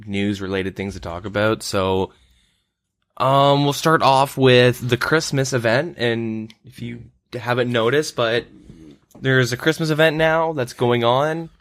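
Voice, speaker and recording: A man's voice: mid-range voice, slow, no room sound. Young canadian guy on a gaming podcast, laid back, says like a lot. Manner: relaxed, many fillers like "like" and "um". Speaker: podcast host. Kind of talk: casual gaming chat.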